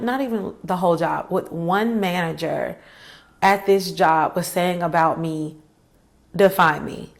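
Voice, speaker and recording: A woman in her thirties telling a personal career story to her viewers, candid and emphatic, speaking to them directly. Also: on the low side. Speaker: career vlogger.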